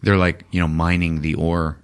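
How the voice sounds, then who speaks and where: A man hosting a podcast, retelling a film in a casual, profane, animated way. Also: low voice, moderate pace, clean tone. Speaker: host. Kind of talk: casual chat.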